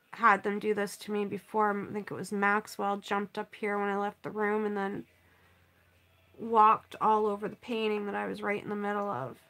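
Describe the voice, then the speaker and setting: A woman's voice: medium pitch, vocal fry, fairly bright tone. A woman chatting casually on a livestream while she paints, sighing and pouting over a setback.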